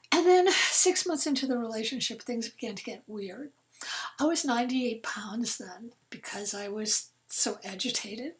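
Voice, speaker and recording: A woman in her sixties, a novelist telling a personal story to an audience, earnest and dropping to soft near-whispers at heavy moments. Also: fairly high pitch, low-quality recording. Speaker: novelist giving a talk.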